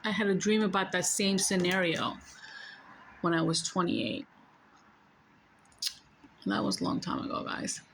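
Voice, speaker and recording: Bright-voiced, blunt New York woman. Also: lowish voice, steady tone, unhurried, gravelly, long pauses, a little hiss or hum. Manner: emphatic, blunt, curses freely; repeats points, speaks straight to viewers. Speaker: spiritual storyteller. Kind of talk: casual spiritual storytelling to viewers.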